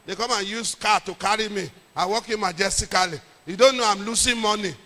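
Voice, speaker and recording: A middle-aged Nigerian man, a pastor, telling a lively story in a sermon with jokes and pidgin. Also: high-pitched, brisk, in a large hall.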